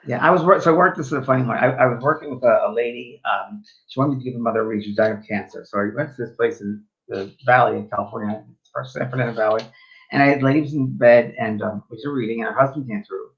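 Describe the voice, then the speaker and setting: A man's voice: medium pitch, quick pace, fairly bright tone. Man telling stories on a dull lo-fi line. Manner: rambling anecdotes with many fillers and restarts. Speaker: spiritual medium co-host. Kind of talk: casual storytelling chat.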